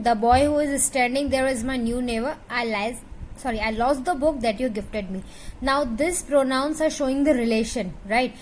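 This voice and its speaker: A woman with an Indian English accent, teaching a grammar lesson patiently, often checking in with the class and drilling word lists slowly. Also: high voice, a little hiss or hum, poor audio. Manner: patient, checks understanding with "right?".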